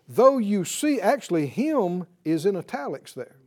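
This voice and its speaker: A man preaching a sermon in a lively way, laughing often and checking in with his listeners with "right?". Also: high-pitched, a little slow, few pauses. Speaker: pastor.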